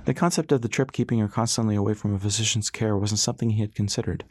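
A man reading a novel aloud in a low, steady voice, measuring each sentence with calm storytelling pace. The sound is dry and close, with no room around it. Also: fast, no room sound. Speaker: narrator. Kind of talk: scripted audiobook narration.

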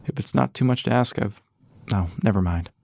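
A man's voice: on the low side, fairly quick, creaky, darkish tone, dry recording, clean studio sound. A man voicing Old Harley, an eager, nervous older man in an audiobook.

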